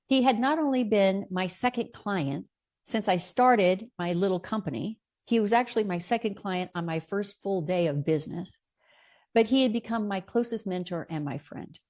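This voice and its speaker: A middle-aged woman telling a personal story in an earnest, expressive way, partly reading aloud from her own notes. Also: mid-range voice, moderate pace. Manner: earnest, expressive, with bright lifts into quoted lines. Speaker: storyteller sharing a personal memoir.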